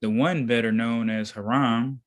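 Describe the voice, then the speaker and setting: A man reading a text aloud slowly and deliberately, pausing now and then to comment. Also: medium pitch, fairly even intonation. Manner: slow, deliberate reading with pauses. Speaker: reader in a study session.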